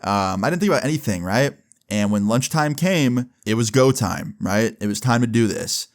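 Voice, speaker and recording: A man's voice: medium pitch, expressive, moderate pace. A man telling a personal school story in a casual storytime vlog, full of swearing and fillers like "right?". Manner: casual, profane, filler-heavy.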